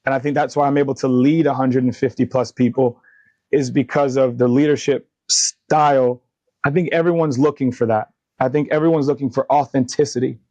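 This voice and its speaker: A man's voice: medium pitch, fairly quick, no room sound, dull audio. Earnest man telling his story, dry sound. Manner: earnest, animated retelling of dialogue, faith-driven. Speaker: podcast guest, company founder. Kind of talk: candid interview storytelling.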